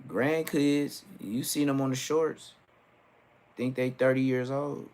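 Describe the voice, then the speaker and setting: A man's voice: mid-range voice, steady tone, slow, a little mellow. A middle-aged man, telling joking stories on a livestream and acting out quotes. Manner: joking, storytelling with acted-out quotes. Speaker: livestream host. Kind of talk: casual livestream rant.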